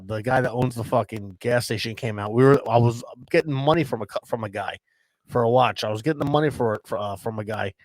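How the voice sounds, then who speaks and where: A man spins a profane, rambling story on a casual podcast, at an ordinary middle pitch. He swears constantly, laughs easily and restarts his sentences. The sound is close and dry, with no room echo. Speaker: podcast co-host.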